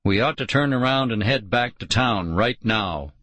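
A man's voice: medium pitch, animated, moderate pace, a bit bright, no echo. A man voicing a grim, wary sled-dog musher who insists on warnings, in an audiobook. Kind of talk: audiobook character voice.

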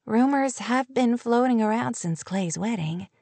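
A woman reading an audiobook, voicing a brisk, wry woman teacher with a quick delivery. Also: on the high side, animated, dark tone, no echo, pitched above the performer's own voice.

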